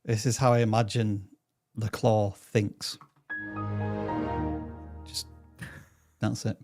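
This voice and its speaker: A man's voice: lowish voice, little pitch movement, slow, darkish tone, soft background music. A man co-hosting a live YouTube review, easygoing and supportive, chiming in briefly. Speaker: live stream co-host. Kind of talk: live stream review chat.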